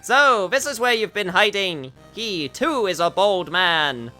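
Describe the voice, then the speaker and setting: A man voicing a smug, menacing skeletal Grim Reaper from a video game, with a slow, deliberate villain drawl. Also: high-pitched, expressive, sharp tone, soft background music, voice pushed up, exaggerated voice.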